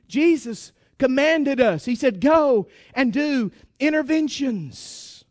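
A man's voice: extremely high pitch, lively intonation, slow, hardly any pauses, no room sound, clean studio sound. A man preaching a sermon to his congregation, emphatic and exhorting, repeating phrases for force. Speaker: pastor.

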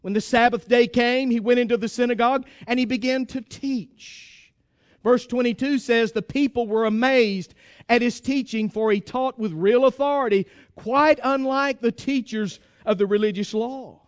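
A man's voice: very high-pitched, steady tone, normal speed, clear, resonant tone, no room sound, studio quality. A man preaching a sermon to his congregation, emphatic and exhorting, repeating phrases for force. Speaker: pastor.

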